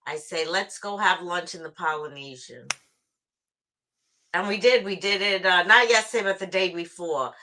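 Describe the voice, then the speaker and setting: A woman's voice: fairly low pitch, normal speed, bright, forceful tone, slight background noise. A woman from New York with a New York accent, chatting casually as a guest on a live stream about her everyday outings.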